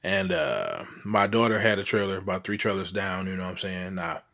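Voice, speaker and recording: Low-voiced middle-aged man from St. Louis. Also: expressive, fairly quick, vocal fry, sharp tone. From St. Louis, Missouri. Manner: rambling and profane, keeps asking "you know what I'm saying". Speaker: vlogger telling ghost stories. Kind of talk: casual storytelling monologue.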